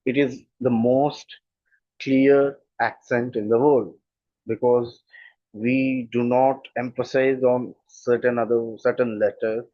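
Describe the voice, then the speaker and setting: A man's voice: medium pitch, steady tone, slow, no echo, lo-fi sound. A man with a standard Indian English accent, a communication skills coach explaining his views earnestly and stressing points by repeating them. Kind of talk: explanatory talk.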